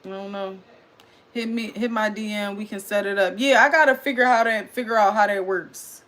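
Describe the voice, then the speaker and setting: Her voice mid-range and her pace moderate, a woman hosts a laid-back livestream recap, reading her chat's comments aloud and chatting with them loudly and excitedly.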